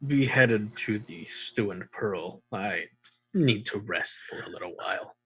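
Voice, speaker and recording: A man's voice: fairly low pitch, animated, a little slow, sharp tone, husky, dry recording. A male tabletop player talks casually, with many fillers and laughs. The sound is dry and close. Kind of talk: tabletop game play.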